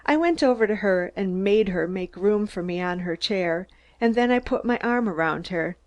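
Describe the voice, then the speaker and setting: A woman from Minnesota narrates an audiobook with a calm, even delivery. Her voice sits in a middle pitch, and she moves through the prose at a steady storyteller's pace. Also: moderate pace. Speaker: audiobook reader.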